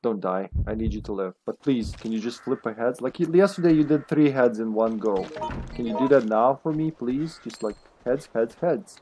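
A man live-streaming a video game, chatting casually, laughing often and greeting viewers loudly by name. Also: medium pitch, expressive, normal speed, a little hiss or hum.

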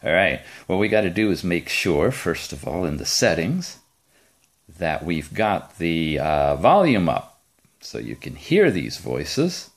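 A man's voice: low voice, very animated, unhurried. A man hosting a casual, chatty gadget demo from his rural home, enthusiastic and joking. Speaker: tech reviewer host.

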